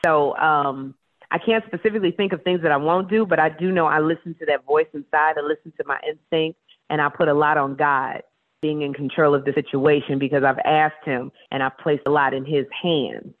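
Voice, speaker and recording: A woman talk show host, a guest in a casual radio interview, telling stories in a playful, animated way. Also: sits low, a little fast. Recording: tinny phone line.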